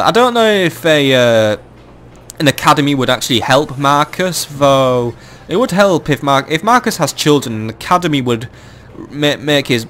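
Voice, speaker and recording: A man's voice: medium pitch, fairly bright tone, a little hiss or hum. A young man giving casual, swearing commentary while playing a strategy game at home, exasperated and ranting, with faint game sounds behind him. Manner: swearing, exasperated, ranting, with bursts of mock outrage. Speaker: gaming let's-play host. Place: at home, keeping his voice down.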